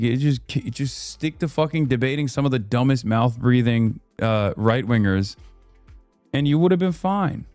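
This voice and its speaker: A man vents blunt, profane frustration in casual commentary. He speaks at a middle pitch in a dry, close room. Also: a little mellow, no room sound.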